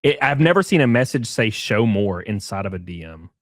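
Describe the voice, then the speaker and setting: Sarcastic, swearing man with a lively voice. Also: lowish voice, a little fast, no echo. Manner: sarcastic, profane, mocking, laughs often. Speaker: commentary host reading messages aloud. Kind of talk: casual commentary.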